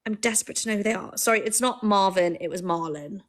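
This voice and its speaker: A woman's voice: mid-range voice, quick pace. A young woman co-hosting a live podcast stream, chatting casually and teasing her co-host. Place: indoors at a shared table.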